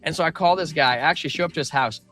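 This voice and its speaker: A man co-hosting a live show, talking in a rambling, animated way and telling long stories in casual chat. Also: a little high, very fast, faint music behind. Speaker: podcast co-host.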